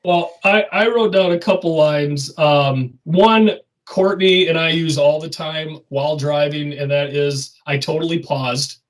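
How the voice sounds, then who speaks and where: Male co-host, chatty and agreeable, slightly raised pitch, a bit distant from the mic. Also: unhurried, few pauses. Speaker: podcast co-host. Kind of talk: casual chat.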